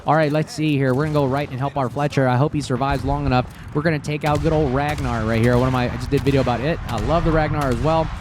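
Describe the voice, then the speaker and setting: Brief: man, casual game commentator, chatty and excitable, mid-pitched, fillers throughout. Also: fast talker, few pauses, noisy background. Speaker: gameplay commentator.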